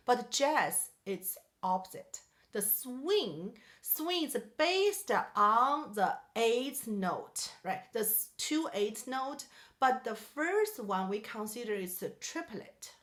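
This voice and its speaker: High-voiced woman teaching piano. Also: fairly bright tone. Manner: patient and explanatory, counts and sings rhythms aloud. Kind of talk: one-on-one music lesson.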